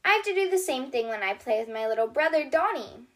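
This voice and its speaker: Casting: a woman playing a kind, reassuring little girl doctor, high and bright, storybook read-aloud. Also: expressive, fast talker. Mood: cheery. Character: cheerful, caring young girl toy doctor.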